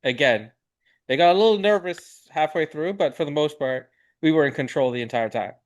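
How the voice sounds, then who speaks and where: A man's voice: on the high side, a little fast. A man co-hosting a podcast over a video call, explaining things casually and often checking in with "right?". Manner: easygoing, explains with rhetorical "right?". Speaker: podcast co-host.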